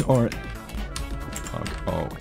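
A man giving casual let's-play commentary, excitable and swearing constantly. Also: drawn-out words. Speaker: gamer. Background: game music.

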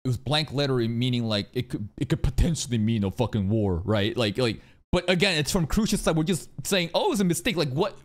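A man live-streaming his reaction to an anime, talking excitably and swearing freely as he fires off rhetorical questions. His voice sits at a middling pitch but swings widely up and down. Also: a little fast.

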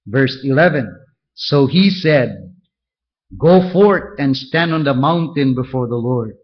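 A man preaching a verse-by-verse sermon, reading scripture aloud and pointing out each step with deliberate care. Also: on the high side, highs cut off. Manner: slow, deliberate, walks through verses point by point. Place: church.

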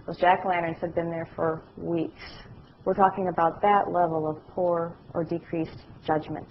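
A middle-aged woman giving a class lecture, telling anecdotes in a lively way and acting out the voices of people she describes. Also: fairly low pitch, dull audio, a little hiss or hum. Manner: animated storytelling, acts out voices.

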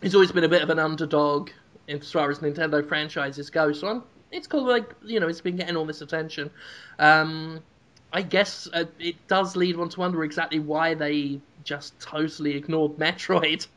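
A man's voice: a little high, fairly even intonation, moderate pace, a bit bright. A man co-hosting a casual podcast, spinning absurd, gleeful comedy riffs and laughing often. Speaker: podcast co-host.

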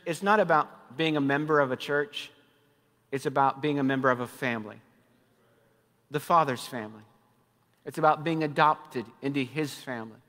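A man preaching a sermon as pastor, fervent, rising loud and then dropping soft and low. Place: church sanctuary. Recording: long reverb of a church hall.

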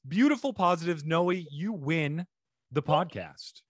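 A man hosting a comedy podcast with a deep, resonant radio voice, joking and self-deprecating in casual chat. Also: animated, measured pace, dry recording, studio quality. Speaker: podcast host.

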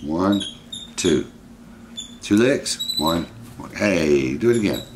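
A man's voice: rumbling low, lively intonation, slow, noisy background. A man, casually vlogging and coaxing his pet monkey in a playful way. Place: indoors at home with a pet monkey.

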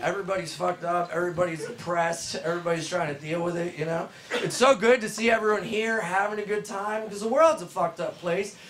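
A young man doing a stand-up warm-up set on a club stage, brash and teasing the crowd, with loud punchlines. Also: high-pitched, fairly quick. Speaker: stand-up comedian warming up the crowd. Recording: noisy live club recording. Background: audience laughter.

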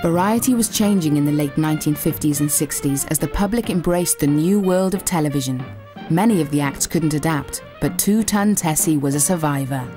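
A woman narrating a documentary in measured scripted storytelling. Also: low-pitched, over music.

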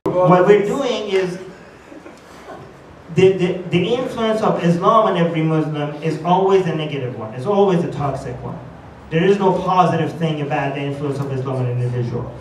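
A man's voice: fairly high pitch, normal speed. Man arguing in an echoey hall. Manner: animated, argumentative, acts out quoted voices. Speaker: conference speaker. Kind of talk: conference talk. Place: conference hall. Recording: echoey hall, distant mic, faint noise.

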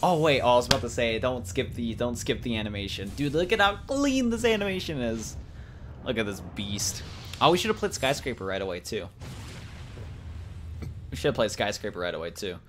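Young man, let's play commentary, excitable, trash-talking, animated pitch. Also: brisk, background noise. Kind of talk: live gameplay commentary.

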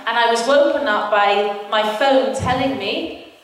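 A British woman giving a personal testimony talk as guest speaker, a lively storyteller who acts out the voices of the people in it. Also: a little high, measured pace. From Britain. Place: large hall, mosque event. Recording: echoey hall from far off.

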